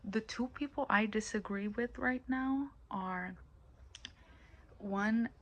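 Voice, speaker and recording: A woman vlogger in a casual, rambling commentary, blunt and profane, often dropping into hushed, whispered asides. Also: on the high side, takes it slowly, highs cut off.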